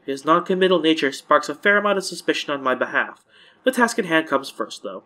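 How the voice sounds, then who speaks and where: A man's voice: on the high side, lively intonation, a little fast, pushed and bright. A man hosting a let's-play, reading a visual novel aloud casually and correcting his own stumbles.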